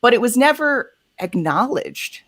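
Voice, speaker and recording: A woman's voice: a little high, sing-song, measured pace, fairly bright tone, no room sound, clean studio sound. A woman guest in casual chat, chatty and filler-heavy. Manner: chatty, lots of likes and ums.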